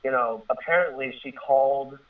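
A man in his thirties with a medium-pitched voice talks at normal speed, telling a personal story casually and earnestly. He rambles, filling in with fillers and restarting sentences. The sound is tinny and distant, like a phone-line radio call.

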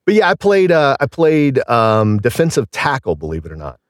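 A man's voice: mid-range voice, wildly swooping pitch, normal speed, no room sound, clean studio sound. A middle-aged man from Southern Illinois with a Southern Illinois accent, rambling casually with many fillers as a guest. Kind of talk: casual conversation.

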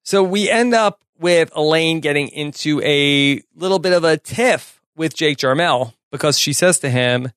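Easygoing man recapping, slightly high voice. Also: measured pace, few pauses, fairly bright tone, clear, resonant tone, no room sound, clean studio sound. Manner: easygoing, brief replies, narrates recaps. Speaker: podcast co-host. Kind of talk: casual chat, recapping an episode.

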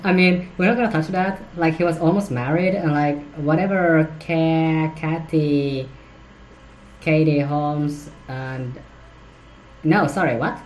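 A woman's voice: low voice, fairly even intonation, slow pace, darkish tone, a little hiss or hum, rough recording. A woman hosting a solo commentary podcast, crude and giggly, rambling with lots of fillers and restarts. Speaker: podcast host.

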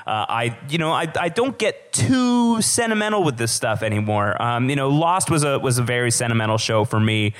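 A man's voice: medium pitch, expressive, moderate pace, few pauses. A man co-hosting a podcast, talking casually in a rambling way with many fillers and restarts. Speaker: podcast co-host.

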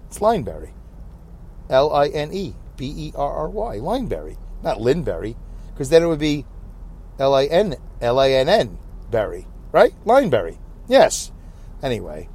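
A man's voice: a little high, a little mellow. A man hosting a podcast, chatting casually and rambling to himself while driving. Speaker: podcast host. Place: inside a moving car. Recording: car interior with road noise.

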